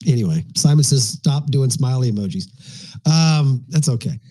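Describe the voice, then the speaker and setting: A man hosting a casual live panel talk, loose and joking, with halting restarts. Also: medium pitch, expressive, dark tone, no room sound. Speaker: host.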